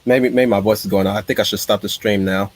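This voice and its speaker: A man's voice: lowish voice, fairly even intonation, fast. A man hosting a casual live stream, telling his ideas in an eager, rambling way. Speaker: streamer host.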